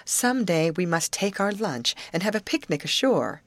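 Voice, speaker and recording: A woman's voice: fairly low pitch, expressive, moderate pace, no room sound, natural voice. Brief: capable girl leader, firm and unflustered, voiced by the woman narrator. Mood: brisk. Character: calm, capable girl steering the boat.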